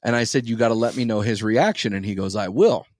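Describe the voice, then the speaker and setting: A man co-hosting a casual podcast, spinning a story with lively, animated energy. He swears freely and talks over his friends. The sound is close and dry. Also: fairly low pitch, fast talker, no echo. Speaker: podcast co-host.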